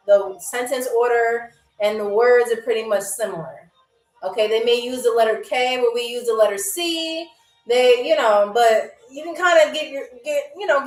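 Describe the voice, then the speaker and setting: A young woman hosting a live-stream trivia game, chatty and playful, teasing viewers by name and repeating phrases slowly. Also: on the high side, reverberant, low-quality recording. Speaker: game show host.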